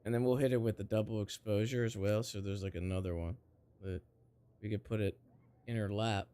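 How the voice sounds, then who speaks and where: A young man streaming a game, reacting loudly, swearing and laughing as he plays. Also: fairly low pitch, steady tone, brisk, smooth. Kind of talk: casual game commentary.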